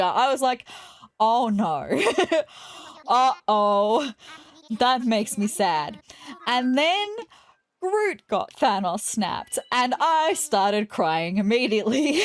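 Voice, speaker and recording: A woman gaming YouTuber chatting casually and digressively over her gameplay, laughing easily. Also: a little high.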